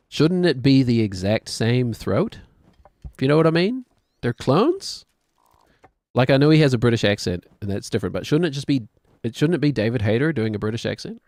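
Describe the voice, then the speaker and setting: A man's voice: medium pitch, big pitch swings, normal speed, pauses often, darkish tone, dry recording. A man with a New Zealand accent, likely in his thirties, streaming a video game and thinking aloud in a rambling, self-deprecating way. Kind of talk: casual gaming commentary.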